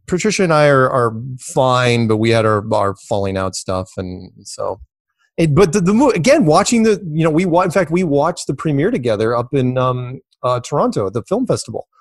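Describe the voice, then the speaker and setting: A middle-aged man telling stories as an interview guest, rambling and repeating himself, jumping high when he quotes others. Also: no room sound, studio quality. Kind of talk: casual storytelling.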